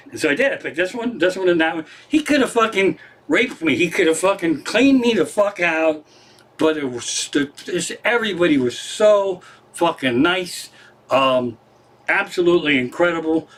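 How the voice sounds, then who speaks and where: A man's voice: a little high, lively intonation, normal speed, fairly bright tone. A middle-aged man, a comedian, telling a rambling, profane story in a casual live stream from his living room.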